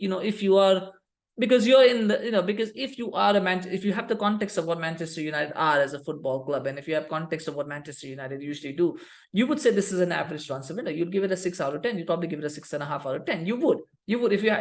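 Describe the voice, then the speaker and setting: A man hosting a football show, ranting with heat and repeating himself as he restarts sentences. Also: on the high side. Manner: fast, heated, repetitive restarts. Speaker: football podcast host. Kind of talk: opinionated rant.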